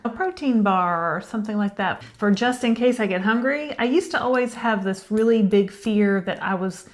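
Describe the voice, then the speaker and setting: A woman's voice: mid-range voice, moderate pace. A woman co-hosting a casual chat show, talking in a rambling, chatty way and dropping to a whisper for asides. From Tennessee. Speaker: co-host.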